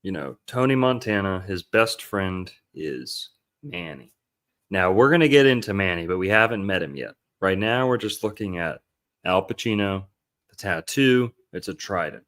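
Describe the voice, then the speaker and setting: A man with a fairly low voice hosts a casual podcast, picking a film apart. He rambles, swears freely and drops into the lines he quotes. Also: lively intonation, normal speed, fairly bright tone. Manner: rambling, loose and profane, acts out quotes. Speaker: podcast host. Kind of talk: casual film-analysis chat.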